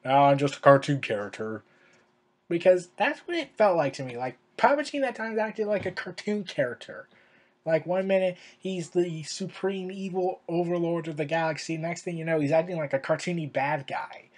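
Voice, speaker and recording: A man's voice: high-pitched, moderate pace. A young man giving casual commentary in a video, rambling and full of filler words. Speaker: video creator.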